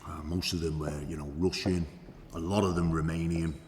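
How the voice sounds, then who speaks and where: An actor playing a boastful, crude hitman who tells his story with swagger, profanity and drawn-out emphasis, in an acting class monologue. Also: sits low, level tone, darkish tone, in a large hall, a little hiss or hum, lightly acted. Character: boastful crude male hitman telling war stories.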